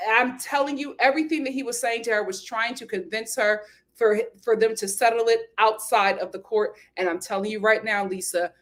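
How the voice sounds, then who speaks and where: Emphatic woman host, high-pitched, chatty reality TV commentary. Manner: emphatic, animated, acts out quotes.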